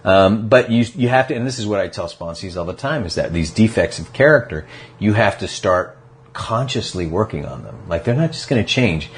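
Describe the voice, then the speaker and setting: A man as a podcast guest, talking casually about recovery and acting out quotes in animated stories. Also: fairly low pitch, brisk.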